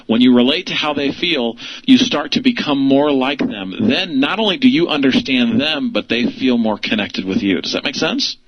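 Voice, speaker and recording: A man's voice: medium pitch, animated, moderate pace, dull audio. A man teaching an instructional lesson for real estate investors, asking rhetorical questions and laughing lightly.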